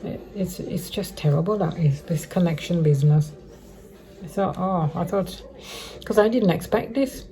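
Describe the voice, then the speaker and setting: A middle-aged woman living rough on the streets vlogs a casual update for her viewers, rambling, repeating herself and restarting often. Her voice is on the low side and dark, at a normal speed.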